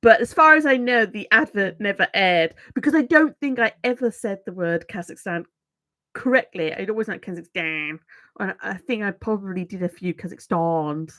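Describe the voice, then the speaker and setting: A woman's voice: medium pitch, brisk, a bit bright, no echo. A middle-aged woman from England with a Brummie accent, chatting casually and self-mockingly to viewers on her channel. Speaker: YouTube host. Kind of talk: casual livestream chat.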